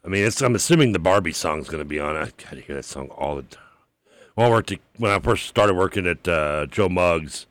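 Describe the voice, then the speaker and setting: A man co-hosting a sports radio show, animated and jokey, chatting casually with his partner. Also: deep voice, a little fast, no echo. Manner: animated and jokey, laughs often, lots of fillers.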